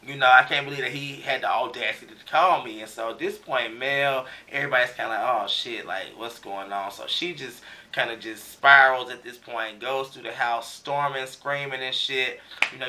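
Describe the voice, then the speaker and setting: A man's voice: mid-range voice, steady tone, normal speed, pushed and bright, far from the mic. A man giving a casual recap of a TV episode, talking loosely with slang and lots of fillers. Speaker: TV show recap reviewer.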